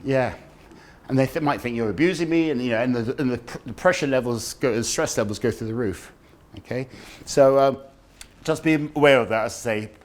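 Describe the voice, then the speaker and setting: A middle-aged man giving a lively talk on dementia care, acting out the people in his stories. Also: mid-range voice, brisk. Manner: animated storyteller, acts out quoted voices. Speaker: dementia awareness speaker. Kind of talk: lively public health talk. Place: community event room.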